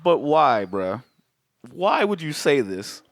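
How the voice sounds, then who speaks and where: A man co-hosting a podcast, retelling a movie scene in a profane, animated way. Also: fairly high pitch, slow pace, no echo, clean studio sound. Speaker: podcast co-host. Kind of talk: casual movie chat.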